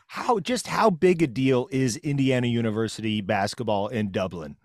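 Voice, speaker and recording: A man's voice: mid-range voice, moderate pace, a little mellow, no echo, studio quality. A man co-hosting a podcast who asks hesitant, rambling questions in a casual chat. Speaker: podcast co-host.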